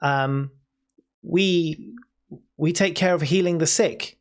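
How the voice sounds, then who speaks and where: Tabletop figure: sweet, condescending woman nurse, pitched up, voiced by the GM. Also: slow. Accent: British. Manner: sweet, patronizing, calls people dear.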